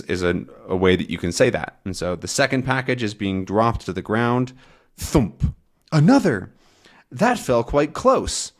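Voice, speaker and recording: A man teaching English by reading a comic aloud, patiently explaining words and often checking in with "right?". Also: on the low side.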